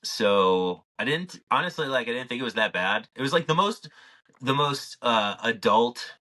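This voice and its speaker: A man's voice: medium pitch, lively intonation, normal speed, sharp tone. A man co-hosting a podcast, telling a story in a loose, rambling way, full of "like" and casual swearing. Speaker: podcast co-host.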